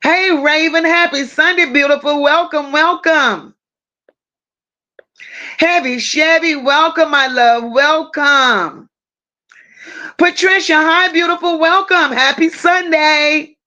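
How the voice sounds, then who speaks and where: A livestream commentary host talks slowly in a high-pitched, bright, forceful voice with fairly even intonation. Chatting casually, she greets viewers one by one with pet names like baby and boo over dull lo-fi audio.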